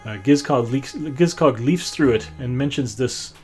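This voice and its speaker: A man narrating a tabletop game as game master, his talk meandering with plenty of pauses. His pitch sits in a middle range. Soft guitar music plays in the background. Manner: rambling, many fillers and restarts.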